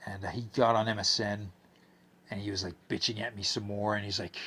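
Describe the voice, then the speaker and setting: Husky young man, tipsy and rambling. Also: fairly low pitch, fairly even intonation, brisk, pushed and bright. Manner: rambling, profane, with many fillers and restarts. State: a bit drunk, slurring. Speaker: podcast host. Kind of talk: casual storytelling monologue.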